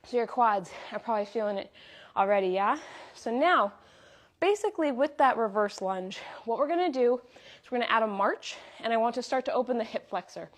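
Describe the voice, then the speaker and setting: A woman's voice: a little high, animated, a little fast. Upbeat woman coaching a workout. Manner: upbeat, counts reps and gives body cues. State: slightly out of breath. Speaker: fitness instructor. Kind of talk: live workout class instruction.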